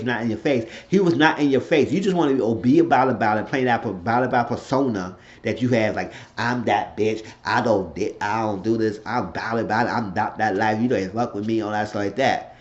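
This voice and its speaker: A man talking through a TV episode in a loose, rambling way and giving his blunt opinions as he goes. His voice sits at a middle pitch, and the recording sounds dull and lo-fi. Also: a little mellow. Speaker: TV show reviewer. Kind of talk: casual unscripted recap.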